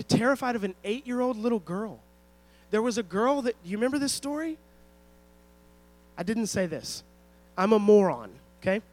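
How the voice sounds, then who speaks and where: A man's voice: sits high, darkish tone, poor audio. A man preaching a sermon, emphatic and storytelling, who often asks the congregation rhetorical questions. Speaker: pastor.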